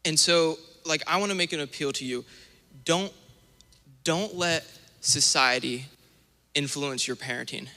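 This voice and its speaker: Young male minister, sermon, bright ringing voice, animated storyteller, long church reverb. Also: on the high side, a little slow, long pauses. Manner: animated storytelling with acted-out asides. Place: church sanctuary.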